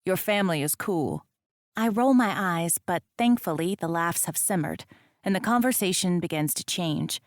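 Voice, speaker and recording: A woman reading a first-person romance audiobook, with a wry, expressive comic delivery into a close microphone. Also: on the low side, normal speed, dry recording. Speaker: audiobook narrator.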